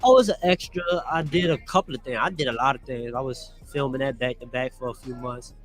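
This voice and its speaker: A young man in his twenties answers interview questions at a live fair, rambling through long, meandering stories. His voice sits in an ordinary middle pitch. Faint music drifts in the background. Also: fairly quick. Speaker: interview guest, actor. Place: live at a church health fair.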